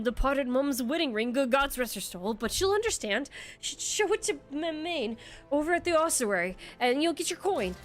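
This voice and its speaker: Woman doing a stammering frightened debtor. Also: high-pitched. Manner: stammering, pleading. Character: frightened male debtor pleading for mercy.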